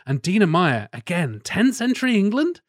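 A man's voice: high voice, sing-song, normal speed, no room sound, studio quality. A man hosting a casual film podcast, swearing freely and quizzing his co-hosts. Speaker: podcast host.

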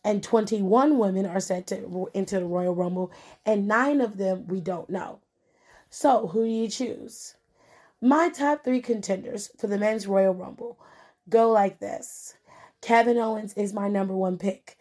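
A woman's voice: mid-range voice, measured pace, darkish tone. A woman hosting a wrestling podcast, ranting bluntly and with lots of swearing at her listeners. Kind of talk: casual podcast commentary.

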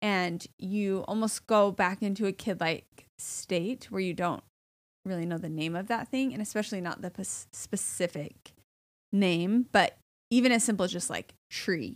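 A woman's voice: mid-range voice, moderate pace. A woman in her thirties co-hosting a parenting podcast, talking casually with lots of fillers and laughs. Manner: chatty, filler-heavy, laughs often. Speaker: podcast co-host. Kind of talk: casual chat.

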